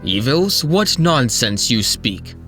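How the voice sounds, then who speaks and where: A man voicing a boastful heroic male fighter who makes stiff, loud declarations. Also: mid-range voice, very animated, slow pace, music in the background.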